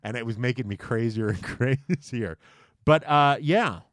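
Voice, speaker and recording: A man's voice: medium pitch, measured pace, dry recording, clean studio sound. Man casually telling a rambling story. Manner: rambling, self-mocking, with fillers. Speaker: podcast co-host. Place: basement studio. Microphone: large studio microphone.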